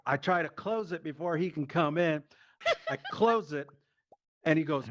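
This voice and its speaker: Male stand-up comic, slightly high voice, profane animated storyteller, live comedy show. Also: normal speed, pauses often, dull audio, slight background noise.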